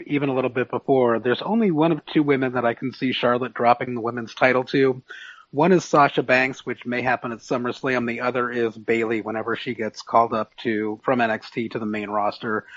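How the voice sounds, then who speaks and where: A man's voice: mid-range voice, steady tone, fairly quick, a bit bright. A man giving his picks on a casual wrestling podcast, opinionated, with stumbling restarts. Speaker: podcast panelist. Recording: dull lo-fi sound.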